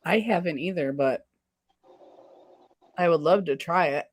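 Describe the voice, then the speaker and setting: Low-voiced woman, relaxed chat. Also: unhurried. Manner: relaxed, agreeable, many backchannels. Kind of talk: casual chat while face painting.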